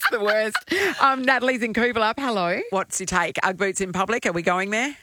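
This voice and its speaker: A radio host hosts breakfast banter and teases the callers. The voice is bright and dry in the studio. The delivery stays playful. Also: medium pitch, a little fast, dry recording. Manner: playful, teasing.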